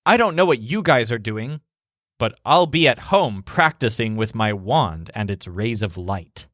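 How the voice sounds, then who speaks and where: A man's voice: medium pitch, expressive, a little slow, fairly bright tone, dry recording, clean studio sound. A man doing a smug wand-waving man.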